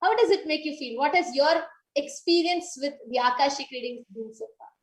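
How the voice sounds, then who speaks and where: A woman interviewer asking questions, pausing with fillers as she speaks. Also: high-pitched. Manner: halting with fillers. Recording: echoey room.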